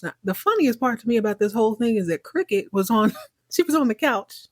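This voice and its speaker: A woman hosting a podcast, animatedly recapping a TV episode in a casual, excitable way. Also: medium pitch, fast, dry recording, studio quality. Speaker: podcast host.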